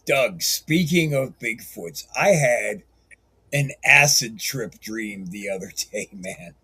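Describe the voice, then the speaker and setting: A man's voice: mid-range voice, lively intonation, slow pace, sharp tone, husky. A man hosting a podcast, chatting casually and joking around, swearing loosely. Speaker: podcast host. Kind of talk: casual chat.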